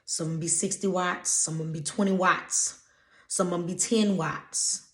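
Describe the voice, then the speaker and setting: Woman, Louisiana accent, low-pitched, emphatic and preachy, echoey room. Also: fairly even intonation, measured pace, a bit bright. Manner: emphatic, preachy, blunt with casual swearing. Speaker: intuitive energy reader. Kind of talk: motivational channeled-message vlog.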